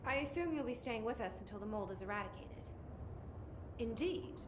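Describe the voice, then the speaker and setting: A man's voice: very high-pitched, lively intonation, a little fast. An actor playing a dry, sarcastic male scientist in a game, with a British accent. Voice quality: dry, sardonic. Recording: game audio with roomy echo and noise.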